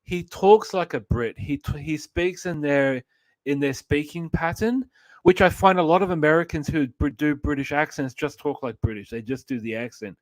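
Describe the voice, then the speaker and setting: A man's voice: fairly high pitch, moderate pace, dry recording. A man co-hosting a live show, chatting casually and gushing with praise about a series. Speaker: co-host. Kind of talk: casual pop-culture chat.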